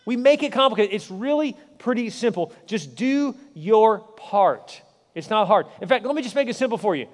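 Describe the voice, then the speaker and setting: A middle-aged man preaching a sermon as a pastor, repeating his points with emphasis and rising to excited encouragement. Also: high-pitched, moderate pace. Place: large church hall with long reverb. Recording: hall reverb.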